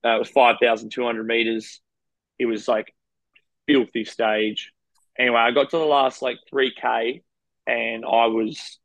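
A man's voice: medium pitch, a bit bright, no room sound, low-quality recording. An Australian man, a professional cyclist, frankly recounting race stories in a rambling, casual interview. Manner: rambling, frank anecdotes with quoted dialogue.

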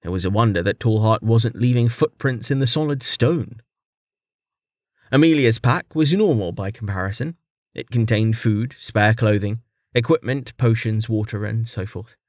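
A man reading a fantasy novel aloud as audiobook narrator, in lively storytelling narration. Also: fairly low pitch, normal speed, no room sound, clean studio sound. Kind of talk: scripted narration.

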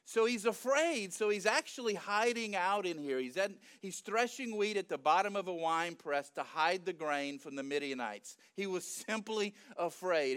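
A male pastor preaching, telling the story in a lively, chatty way. His voice is fairly high and smooth, and it rings clearly. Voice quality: animated, conversational storytelling. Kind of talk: sermon.

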